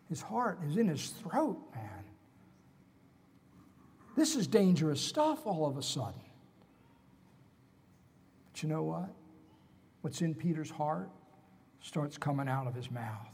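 A man preaching a sermon dramatically, swinging between loud emphasis and hushed whispers. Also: fairly high pitch, big pitch swings, takes it slowly, long pauses, breathy edge, long reverb tail.

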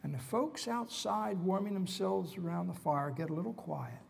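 A man's voice: high voice, normal speed, creaky, slightly rough, in a large hall. A man preaching an expository sermon, retelling scripture with dramatic, emphatic storytelling.

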